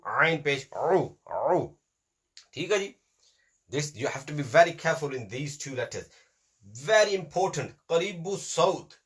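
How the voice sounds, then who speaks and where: A man's voice: mid-range voice, a bit bright. Patient man drilling letter sounds. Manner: patient, drills sounds by repetition, mixes in brief Hindi-Urdu asides. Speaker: Quran reading teacher. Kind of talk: teaching a class on letter pronunciation.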